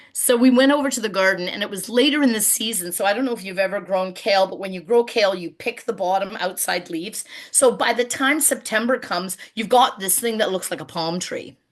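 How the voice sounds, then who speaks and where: On a webinar held over video call, a Canadian woman in middle age talks about community gardens in a medium pitch. She shares stories warmly and turns animated when repeating what others said.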